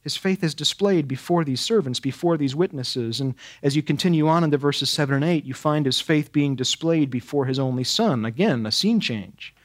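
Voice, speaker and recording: Male preacher, voice on the high side, emphatic and rhetorical, builds through repetition. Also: moderate pace, hardly any pauses. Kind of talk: expository sermon.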